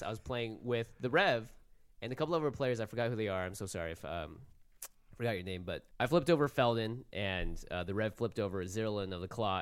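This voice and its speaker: A man's voice: on the low side, clear, resonant tone. A man co-hosting a casual podcast, telling game stories and trading playful banter. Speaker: podcast co-host. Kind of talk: casual chat.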